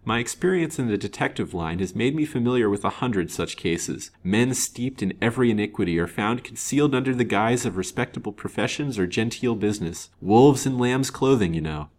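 A man's voice: on the low side, lively intonation, fairly quick, few pauses, pitched above the performer's own voice. A man voicing a shrewd, assured detective. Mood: earnest. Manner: frank, assured, earnest. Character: confident, shrewd male detective. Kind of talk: storybook reading.

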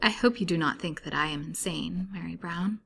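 A woman's voice: on the low side, normal speed, gravelly, a bit bright, breathy edge, full character voice. A woman voicing a frightened young woman held prisoner, who speaks in an earnest, pleading way. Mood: anguished.

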